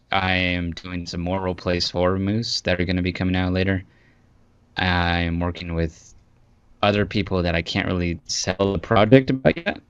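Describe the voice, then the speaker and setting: A man with a very low, deep voice talks as an easygoing interview guest about his voice acting work, joking as he goes. The sound is dry and dull, like audio from an online call. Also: fairly bright tone, clear, resonant tone, dry recording. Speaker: voice actor guest. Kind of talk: casual interview chat.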